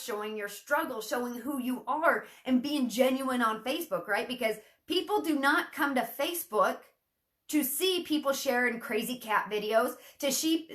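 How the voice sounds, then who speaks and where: A woman's voice: sits high, fairly bright tone. A woman coaching her sales team in a casual, chatty teaching talk, acting out sample messages in a perkier voice. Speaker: network marketing team coach.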